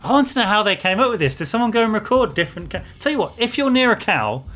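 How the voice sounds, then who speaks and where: A man's voice: high voice, very animated, fast talker, a bit bright, soft background music. A man co-hosting a podcast, chatting casually and reading out listener messages in an upbeat way. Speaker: podcast co-host.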